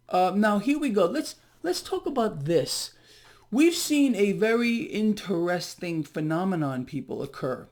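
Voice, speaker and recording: A man's voice: sits high, sing-song, measured pace, darkish tone. A man hosting a ranting finance commentary, sarcastic and heated, mocking the news he reads out. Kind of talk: ranting monologue to viewers.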